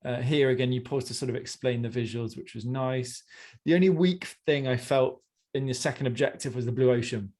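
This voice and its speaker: A man's voice: medium pitch, fairly quick, a little mellow. Man coaching with chatty encouraging feedback. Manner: encouraging, conversational, many fillers. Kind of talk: one-on-one feedback session.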